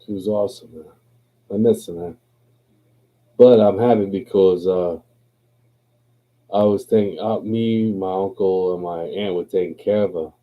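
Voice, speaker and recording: Low in pitch and steady in tone, a man who's been drinking hosts a livestream at a measured pace, leaving long pauses as he rambles and swears casually. The audio is narrow and tinny.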